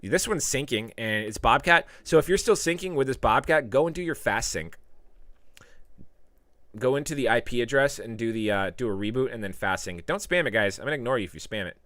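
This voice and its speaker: A man chats casually on a live stream, reading out viewer comments and giving tips. His voice is bright and clear, and it swings widely up and down in pitch. He breaks into loud, playful outbursts. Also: lively intonation, fairly quick, no room sound. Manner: reads viewer comments aloud and gives tips. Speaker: live stream host answering chat.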